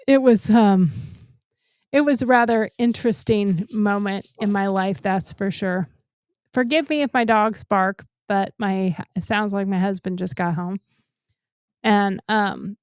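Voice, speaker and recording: A woman's voice: clean tone, no echo. A middle-aged woman co-hosting a talk show from home, telling a story in casual chat and acting out the quotes. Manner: animated, acts out quotes with rising pitch.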